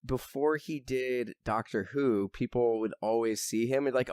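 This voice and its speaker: A man's voice: medium pitch, a little slow, a little mellow, dry recording, clean studio sound. A young man chatting on a podcast, rambling with lots of fillers and now and then swearing as he gets worked up. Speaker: podcast host. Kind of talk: casual chat.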